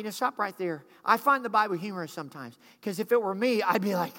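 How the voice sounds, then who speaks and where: A man's voice: high-pitched, animated, quick pace, hardly any pauses, a bit bright. A man preaching a sermon as pastor, calling on the congregation and acting out voices. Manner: preaching with rising intensity, calls to congregation, acted asides. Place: church sanctuary. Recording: long hall reverb.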